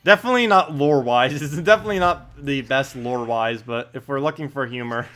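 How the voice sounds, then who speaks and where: A man's voice: mid-range voice, fast talker, faint music behind. A man casually commenting on his gameplay during a live stream and answering viewer questions. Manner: relaxed, thinks aloud, lots of uh and um. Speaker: game streamer.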